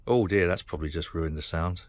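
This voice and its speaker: A middle-aged British man rants to camera, frustrated and sweary, rambling from one complaint to the next. His voice sits fairly low, and the sound is dry and close. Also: brisk, dry recording. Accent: British English. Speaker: vlogger. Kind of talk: casual rant to camera.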